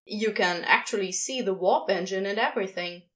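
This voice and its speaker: A woman voicing an excitable male demon who talks in an eager, casual drawl. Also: mid-range voice, normal speed, pitched below the performer's own voice, natural voice. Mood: excited. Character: brash excitable male demon, young-sounding.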